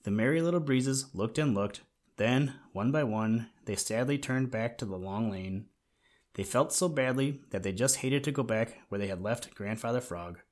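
A male narrator reads a children's story aloud gently and in a measured way. His voice sits at an ordinary middle pitch for a man, and his delivery stays calm and even.

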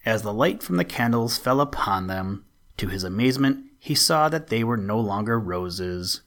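A middle-aged man hosting a podcast, reading a children's story aloud in a calm, measured way. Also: fairly low pitch. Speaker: podcast host and story narrator. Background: soft background music.

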